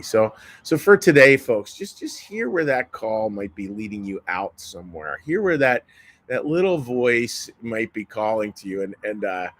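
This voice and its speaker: Folksy fifties pastor, a bit low. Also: male voice, poor audio. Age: 50s. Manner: folksy, halting, repeats words. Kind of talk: sermon.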